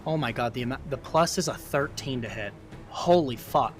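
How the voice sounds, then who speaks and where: A man's voice: mid-range voice, normal speed, soft background music. A man narrating a tabletop role-playing game as game master, casual, with fillers and sound effects.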